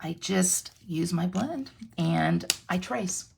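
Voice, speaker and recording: A woman's voice: on the low side, expressive, slow, gravelly, very noisy. A middle-aged woman with an American accent, chatting in a self-deprecating way as she demonstrates card-making in a live tutorial. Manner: chatty, self-deprecating, talks while crafting. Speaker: stamping demonstrator.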